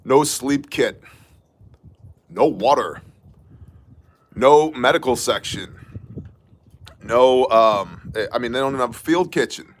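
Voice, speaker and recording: Guy riffing on the news, sarcastic, jokey, mid-pitched voice. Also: slow, long pauses. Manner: sarcastic, joking, animated asides. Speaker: host of a news brief show. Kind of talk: casual livestream commentary.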